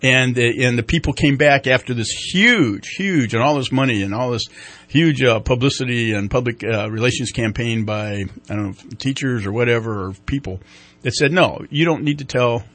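A man hosting a talk show, asking questions haltingly, with frequent restarts and wry asides. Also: medium pitch, fairly bright tone. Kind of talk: radio talk interview.

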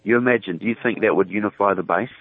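Low-voiced New Zealand man on a phone line. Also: quick pace. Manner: emphatic, repeats words when starting a point. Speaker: guest on the phone. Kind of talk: political talk radio. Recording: tinny dry phone line.

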